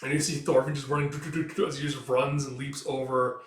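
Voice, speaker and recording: A man's voice: medium pitch, steady tone, moderate pace, slight background noise. A man casually retelling a comic's action scenes, with loose fillers and spoken sound effects. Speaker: comic reader. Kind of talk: casual read-through narration. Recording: roomy, distant mic.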